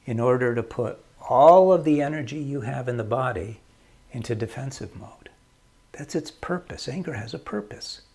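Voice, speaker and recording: Guy talking slow and measured about marriage, bit husky, says stuff twice. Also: mid-range voice, darkish tone. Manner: slow, measured, repeats key phrases. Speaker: marriage counselor. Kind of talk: calm advice talk.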